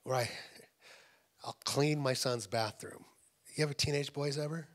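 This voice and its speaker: A middle-aged man preaching a sermon as a pastor, talking in a loose, conversational way as he tells stories, and dropping to a hushed whisper to make a point. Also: medium pitch, moderate pace. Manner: conversational storytelling, drops to a hushed whisper for emphasis. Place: church.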